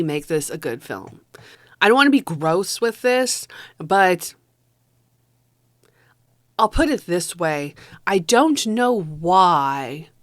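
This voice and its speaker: Woman movie reviewer, slightly low voice, casual and foul-mouthed, dry room. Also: a bit bright, no echo. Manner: chatty and profane, peppered with "you know". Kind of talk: casual spoken film review.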